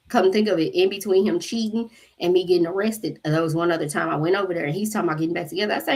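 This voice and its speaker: A woman hosting a spiritual channel, telling a story to her viewers in an animated, profane way and acting out the voices of the people in it. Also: lowish voice. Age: adult mother. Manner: animated, profane, acts out quotes.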